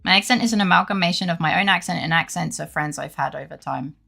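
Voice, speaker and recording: A woman's voice: on the low side, fast, creaky, bright, forceful tone, soft background music. A young woman chatting casually on a game live stream, reading chat and rambling with freely dropped swears.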